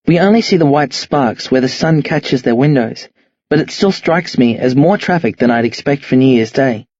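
A man reading a first-person novel as an audiobook, in a measured, understated manner. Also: mid-range voice, expressive, a little mellow, dry recording, lo-fi sound. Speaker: audiobook narrator.

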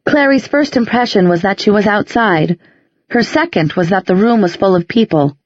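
A woman narrating an audiobook in a measured, descriptive storytelling manner, recorded in a dry, slightly muffled sound. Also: medium pitch, animated, no echo. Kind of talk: scripted narration.

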